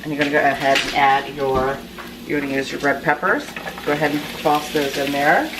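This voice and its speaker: A woman with a low, brisk voice hosts her own cooking channel, chatting through a recipe in her home kitchen with lots of ums and restarts. Food sizzles in a pan, and the background is noisy.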